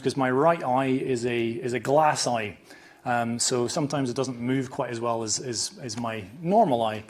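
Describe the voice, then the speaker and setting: Northern Irish man, scratchy voice, mid pitch, casual self-deprecating lecturer who trips over his words. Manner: informal, self-deprecating, many restarts. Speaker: conference speaker, chiropractor. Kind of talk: academic conference lecture. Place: lecture hall.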